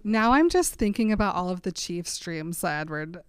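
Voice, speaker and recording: A young woman co-hosting a podcast, recapping a story in casual chat and quoting the characters in a flat deadpan between laughs. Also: on the low side, normal speed, clear, resonant tone. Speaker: podcast co-host.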